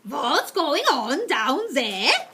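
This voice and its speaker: A woman voicing a cruel, imperious female witch leader who shouts her commands. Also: sits high, sing-song, a little slow, a little hiss or hum, voice pushed up, exaggerated voice. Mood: scornful.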